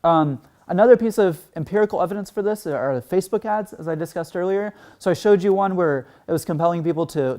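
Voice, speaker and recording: A man from Texas, United States, gives an earnest conference talk packed with "um" and "like" fillers. His voice is fairly high and mellow.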